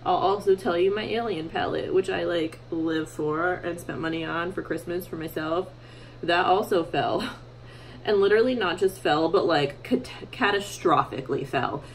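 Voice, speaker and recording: Young female vlogger, slightly low voice, chatty and self-deprecating, makeup tutorial feel, recorded in a home bathroom. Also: normal speed, a little hiss or hum, rough recording. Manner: chatty, many fillers, self-mocking. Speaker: beauty vlogger. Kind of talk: casual makeup tutorial chat.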